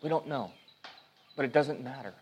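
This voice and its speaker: A male pastor preaches a sermon with real earnestness, shifting between hushed and emphatic delivery and frequently breaking off mid-phrase to start over. His voice is medium in pitch and moderately paced, with a little hiss or hum on the recording.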